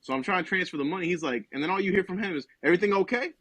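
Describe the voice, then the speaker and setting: A young man from New Jersey spins a rambling, profane comic story on a podcast, acting out every line of dialogue. His voice sits a little high. The sound is dry and close, with no room around it. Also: quick pace, husky, no echo. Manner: profane, rambling, animated retelling with quoted dialogue. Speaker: podcast co-host telling a story. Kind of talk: casual comedic storytelling.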